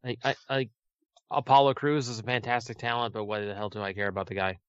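A man's voice: on the low side, steady tone, fast, smooth, dry recording, muffled recording. A man co-hosting a podcast, joking and bantering in casual chat.

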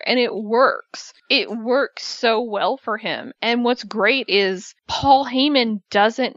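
Lively woman chatting about wrestling. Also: on the high side, no echo, dull audio. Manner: animated, acts out quotes in voices. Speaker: podcast co-host. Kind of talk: casual wrestling chat.

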